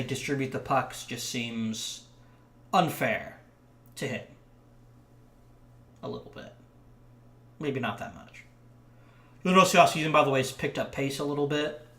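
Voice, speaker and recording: This let's play commentator has a medium-pitched, slightly bright voice and sounds like he's in a roomy space. He chats loosely about the hockey management game in front of him, rambling and saying um a lot.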